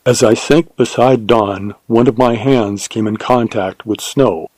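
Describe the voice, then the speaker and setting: A man reading a first-person adventure story aloud in a measured, unhurried way. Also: lowish voice, darkish tone, dry recording, low-quality recording. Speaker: narrator. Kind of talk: scripted audiobook narration.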